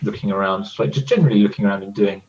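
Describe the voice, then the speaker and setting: Low voiced guy playing a tabletop game, sounds far from the mic, muffled. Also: very fast, darkish tone. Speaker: player.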